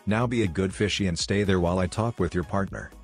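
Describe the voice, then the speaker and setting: A brash teenage boy ninja from a read-aloud fan story, cocky and teasing, as a man voices him. The voice sits low and a little husky, and faint music plays underneath. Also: fast talker.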